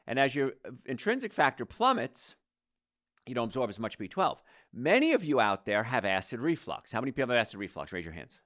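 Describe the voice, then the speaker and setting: A man's voice: mid-range voice, big pitch swings, fairly quick, fairly bright tone, no room sound, clean studio sound. A middle-aged man hosting a health talk, giving an informal, emphatic lecture to an audience and repeating his key advice.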